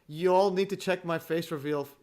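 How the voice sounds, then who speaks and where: A man hosting a livestream in casual chat, halting and full of restarts, chuckling often as he talks. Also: fairly high pitch, a little mellow. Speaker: livestream host.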